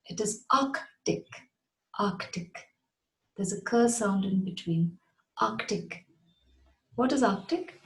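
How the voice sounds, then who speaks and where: Slow, mellow-voiced woman teaching pronunciation. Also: mid-range voice, poor audio. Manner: slow, careful, repeats words clearly. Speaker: English teacher. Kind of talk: pronunciation lesson.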